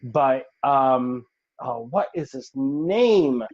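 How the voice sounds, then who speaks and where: A man's voice: mid-range voice, lively intonation, very slow, a little mellow, husky. A man co-hosting a casual podcast, rambling and hesitant as he searches for names. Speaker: podcast co-host. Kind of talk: casual chat. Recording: dull lo-fi sound.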